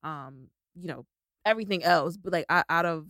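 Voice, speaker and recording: A woman's voice: fairly low pitch, moderate pace, fairly bright tone, dry recording, clean studio sound. A woman co-hosting a podcast in chatty, rambling casual chat, full of "like" and "you know". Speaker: podcast co-host.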